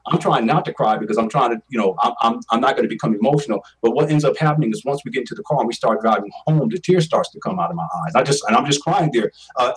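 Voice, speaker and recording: A man's voice: medium pitch, breathy edge, recorded from a distance, rough recording. A man in his forties telling a personal story as an interview guest, earnest and emphatic, often repeating his words. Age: 40s.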